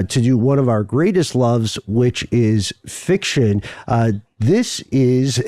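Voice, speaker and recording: A man's voice: medium pitch, warm tone, dry recording, clean studio sound. A man co-hosting a podcast, talking in a wordy, playful way with lots of fillers and restarts. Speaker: podcast co-host. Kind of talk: casual podcast banter.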